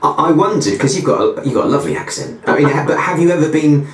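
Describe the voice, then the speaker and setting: A man's voice: a little high, animated, fast, reverberant, a little hiss or hum. A man hosting a radio interview in an upbeat way, reading out listener questions. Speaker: radio presenter.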